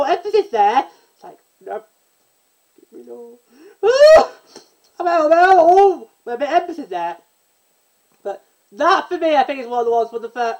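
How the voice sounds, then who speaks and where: A woman's voice: a little high, low-quality recording. Rambling woman chatting about a musical. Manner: rambling, self-interrupting, breaks into sung snippets. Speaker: podcast host. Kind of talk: casual chat about a musical.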